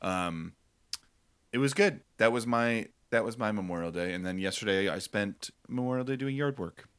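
A man's voice: fairly low pitch, normal speed, fairly bright tone, clear, resonant tone. A man in his thirties, a podcast co-host, rambling easily through a casual story. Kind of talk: casual chat.

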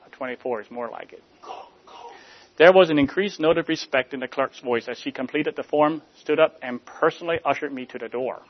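Man preaching a sermon, medium pitch, slightly muffled, measured and rhetorical. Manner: measured, rhetorical, drops soft at line ends.

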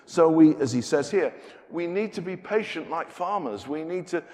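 A British man preaching a sermon in a conversational way, moving between loud emphasis and quiet asides. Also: on the high side, expressive, moderate pace. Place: church. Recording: long reverb of a church hall.

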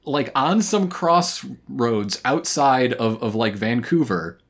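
A woman's voice: very deep voice, expressive, slow pace, breathy edge. A woman co-hosting a casual recap chat, wry and profane, laughing often. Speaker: podcast co-host.

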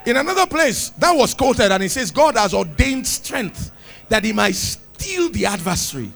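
A man preaching a sermon with exuberant shouts, laughter and cries of praise. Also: very high-pitched, big pitch swings, normal speed, vocal fry, soft background music.

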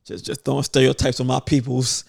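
A man's voice: medium pitch, little pitch movement, a little fast, creaky, a little mellow. A man co-hosting a casual podcast, telling stories in loose slang with mock outrage. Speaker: podcast co-host.

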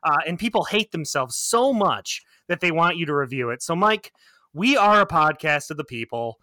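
A man's voice: a little high, lively intonation, normal speed, pushed and bright, dry recording. A man hosting a film podcast, teasing his guests in casual joking chat. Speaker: podcast host.

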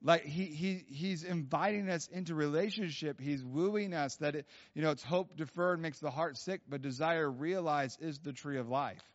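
A man's voice: on the high side, normal speed, hardly any pauses. A man preaching a sermon in a casual, rambling storytelling way, full of fillers and restarts, in a church. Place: church hall. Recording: dull sound with long hall reverb.

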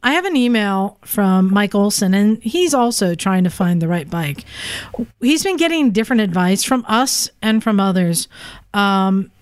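A woman's voice: mid-range voice, animated, unhurried, smooth, no echo. A woman co-hosting a casual podcast who chats and laughs easily while telling stories. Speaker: podcast co-host. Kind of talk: casual chat.

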